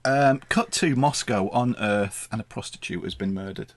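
A man's voice: on the low side, normal speed, no room sound. A man co-hosting a casual chat, wryly retelling a film scene by scene. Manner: wry, laughs often, rambling retelling. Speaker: podcast co-host.

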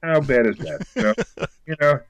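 A man's voice: a little high, sing-song, normal speed, no room sound, rough recording. Older guy, actor guest, rambling friendly stories, lots of you know, dry sound. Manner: chatty storyteller, frequent "you know" and restarts. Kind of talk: casual interview chat.

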